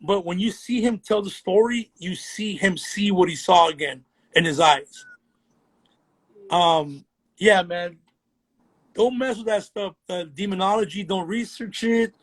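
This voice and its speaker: A man guesting on a podcast tells an eerie story in an earnest way and slows down on the creepy parts. His voice is fairly high for a man, with a husky edge. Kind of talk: casual chat, storytelling.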